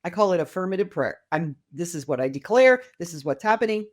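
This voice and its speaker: A woman's voice: fairly low pitch, expressive, quick pace. A middle-aged woman speaking as a podcast guest, talking casually and with enthusiasm, often acting out quoted voices. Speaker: podcast guest, wealth mentor. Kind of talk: casual conversational interview.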